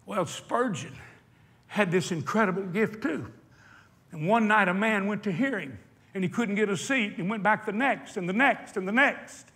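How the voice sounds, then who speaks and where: A man preaching a sermon, telling stories with passion and slowing down for emphasis. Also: sits high, pushed and bright. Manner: impassioned storytelling, slowing for emphasis. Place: hot indoor meeting hall.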